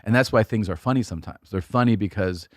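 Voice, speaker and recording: Low-voiced man in rambling casual chat. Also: quick pace, no room sound, clean studio sound. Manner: rambling, profane, self-mocking. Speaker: podcast guest, comedian.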